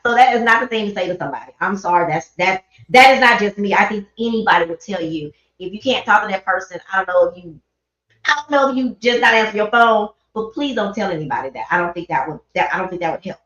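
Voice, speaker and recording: Hosting a livestream, a woman speaks fast in a medium-pitched, slightly bright voice with lively intonation. She talks about grief in a casual, personal way that is earnest, rambling and conversational. The livestream microphone gives roomy, dull audio.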